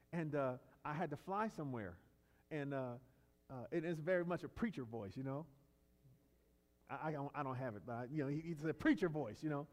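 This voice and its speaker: A male pastor delivering a sermon in a somewhat high voice whose pitch moves a great deal. He shifts from loud, driving emphasis to soft, low statements. He breaks into casual, story-style asides full of fillers and restarts. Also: in a large hall. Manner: dynamic preaching, swinging from loud emphatic peaks to low quiet lines.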